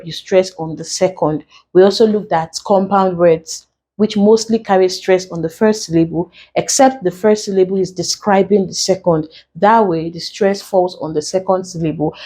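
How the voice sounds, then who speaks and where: A woman's voice: mid-range voice, warm tone. A woman teaching an exam lesson, explaining rules patiently step by step. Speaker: English exam tutor. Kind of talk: recorded classroom lesson.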